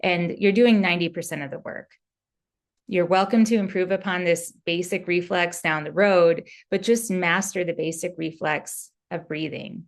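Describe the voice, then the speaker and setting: A woman's voice: lowish voice, fairly even intonation, moderate pace. A woman therapist talking casually about relationship communication, candid and loose, with fillers and example phrases. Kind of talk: relationship advice talk.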